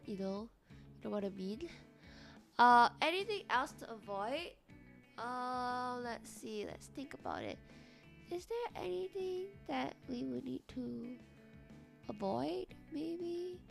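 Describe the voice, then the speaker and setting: A young woman streamer chatting casually with her viewers, reacting loudly and animatedly to chat comments. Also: fairly high pitch, big pitch swings, slow pace, vocal fry, faint music behind.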